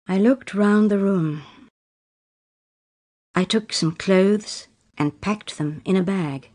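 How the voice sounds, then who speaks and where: Woman slowly reading a simple english learner story, steady and clear. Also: mid-range voice. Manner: plain, slow and clear reading in short sentences. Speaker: story reader.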